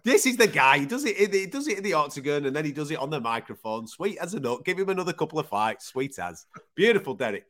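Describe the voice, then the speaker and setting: A British man co-hosting a sports podcast, chatting casually and excitably, acting out quotes. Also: on the high side, fast. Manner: excitable, laughs, acts out quotes in raised voices. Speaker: podcast co-host.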